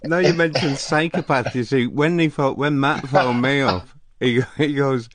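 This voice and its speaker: Older Liverpool man, lively storyteller. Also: mid-range voice, moderate pace. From Liverpool, England. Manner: animated storyteller, acts out quoted exchanges. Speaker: interviewer. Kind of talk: casual radio conversation.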